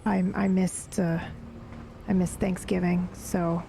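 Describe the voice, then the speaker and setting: A woman's voice: lowish voice, level tone, takes it slowly, gravelly, mellow, a little hiss or hum. A woman playing in a tabletop role-play game, frantic and pleading in character. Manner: frantic and pleading in character, casual when planning moves. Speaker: player.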